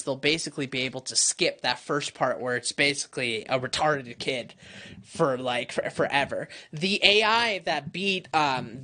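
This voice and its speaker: A podcast co-host telling gossip in casual, animated chat. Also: mid-range voice.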